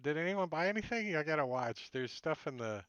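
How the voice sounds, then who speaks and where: A man's voice: a little high, expressive, brisk, fairly bright tone, clear, resonant tone, no echo, lo-fi sound. A man running a tabletop game as dungeon master, narrating loosely, swearing, laughing and adding sound effects.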